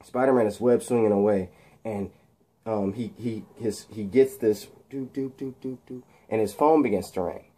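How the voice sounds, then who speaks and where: A man's voice: lowish voice, normal speed, dark tone. A young man casually retelling a film scene in a rambling way, full of restarts. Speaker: video creator.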